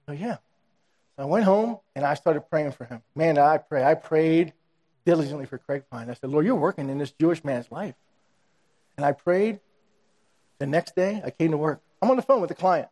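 A man's voice: a little high, animated, normal speed, pauses often, darkish tone. A man preaching a sermon and telling a personal testimony, acting out the dialogue animatedly in a church. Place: church sanctuary. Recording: reverberant hall.

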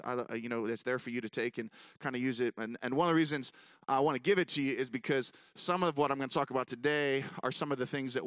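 Bright, animated man telling a story. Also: mid-range voice, clear, resonant tone, no room sound. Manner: animated storyteller, many fillers and restarts; self-mocking humor. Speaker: ministry conference speaker. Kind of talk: storytelling talk to an audience.

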